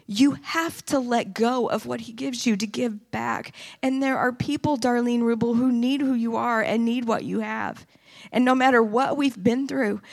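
Gravelly-voiced woman preaching in church. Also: fairly high pitch. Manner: impassioned, rising to emphatic preaching. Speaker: church speaker. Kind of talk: sermon testimony. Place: church sanctuary.

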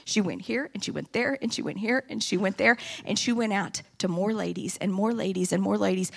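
A woman's voice: mid-range voice, fairly quick, vocal fry, few pauses, husky. A woman giving an impassioned sermon testimony in a church, rising into emphatic preaching. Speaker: church speaker. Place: church sanctuary.

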